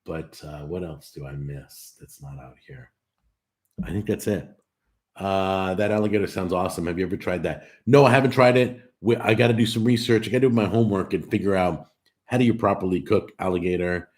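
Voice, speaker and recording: A man hosting a casual live stream, reading out viewer comments and answering them in an animated, talkative way. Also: deep voice, a little fast. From California. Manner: talkative and animated, with frequent restarts. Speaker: host of a cooking live stream.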